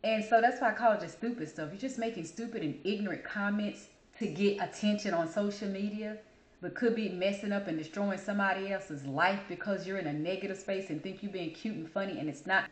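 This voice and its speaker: A woman, hosting her channel and telling a story in a casual, animated way while she acts out the people in it. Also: brisk. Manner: animated, acts out quotes with big pitch jumps. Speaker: channel host. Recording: echoey room.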